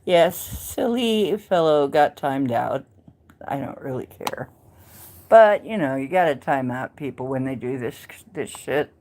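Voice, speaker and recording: A woman's voice: very deep voice, lively intonation, measured pace, darkish tone, a little hiss or hum. A woman hosting a casual livestream, chatting in a rambling way and replying to viewers in the chat. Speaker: livestream host.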